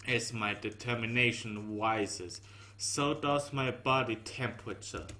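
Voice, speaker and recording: A man reading a visual novel aloud in slow, measured narration with dry asides. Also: medium pitch, bright, forceful tone. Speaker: game reader.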